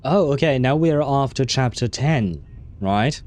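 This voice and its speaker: Chuckling, mellow-voiced streamer. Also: male voice, medium pitch, lively intonation, measured pace. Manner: rambling, chuckling and chatty. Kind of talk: casual let's play commentary.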